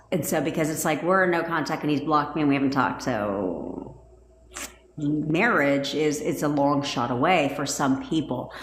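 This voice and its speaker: A woman coaching her livestream audience in a loose, chatty way. She is blunt and swears freely, and she jumps between excited bursts and flat asides. Her voice sits fairly low and echoes around a roomy space. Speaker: manifestation coach. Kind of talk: casual livestream talk.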